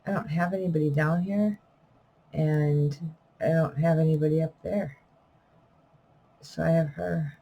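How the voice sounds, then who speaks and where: Warm and low-pitched with vocal fry, a middle-aged vlogger and self-published poet talks casually to camera in an unedited clip. She wanders, trails off with fillers and self-corrections, and wheezes and coughs, with poor audio carrying a little hiss or hum.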